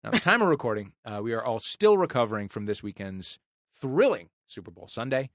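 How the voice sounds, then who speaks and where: A man hosts a comedy podcast with wry, playful jokes. His bright voice swings lively in pitch, and the sound is dry and close. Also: a little fast, no echo. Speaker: podcast host.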